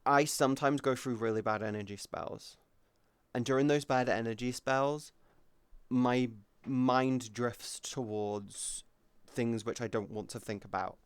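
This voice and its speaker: A man streams live and chats frankly with his viewers, swearing now and then as he answers them. His voice is smooth and resonant, sitting in an everyday middle register, and it sounds close and dry with no room around it. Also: medium pitch, fairly even intonation, unhurried, no echo. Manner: candid and open, swears freely, answers chat.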